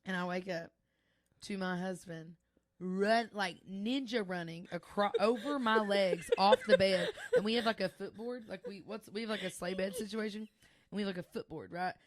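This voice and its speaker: A young woman co-hosting a casual podcast, telling stories in an animated way and laughing often. Her voice sits at an ordinary middle pitch. She talks loosely and keeps the tale rolling. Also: normal speed. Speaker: podcast co-host. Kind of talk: casual chat.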